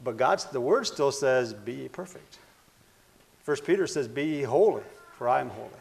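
A man preaching a sermon, earnest and repetitive, swinging between loud declarations and hushed phrases. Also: medium pitch, animated, fairly quick, creaky.

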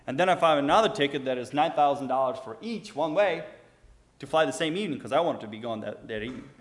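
Quick and animated, his mid-range voice carries a young Ukrainian storyteller's personal testimony. The telling is earnest and casual, full of restarts, with quoted dialogue acted out.

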